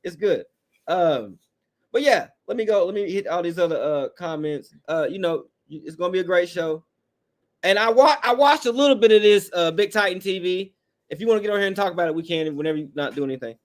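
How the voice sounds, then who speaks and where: Man, high voice, fired-up and blunt, casual live-stream host reading chat. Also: expressive, a little fast. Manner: fired-up, blunt and profane, talking straight to the chat. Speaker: podcast host.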